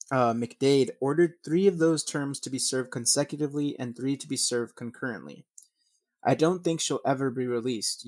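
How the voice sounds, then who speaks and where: With a mid-range voice and no echo, a man reads out true crime news stories and follows them with blunt, profane commentary. Names repeatedly make him stumble and restart.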